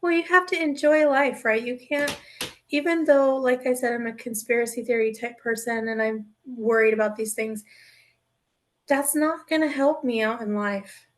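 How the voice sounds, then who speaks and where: Lady podcast cohost, kinda high voice, rambles on earnestly, lots of "right?". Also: fairly even intonation, normal speed. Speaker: podcast co-host. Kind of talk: casual podcast chat.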